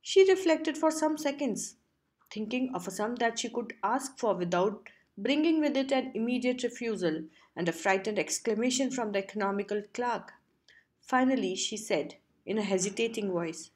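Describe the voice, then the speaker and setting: A woman reading a short story aloud as an audiobook narrator, steady and measured. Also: fairly high pitch.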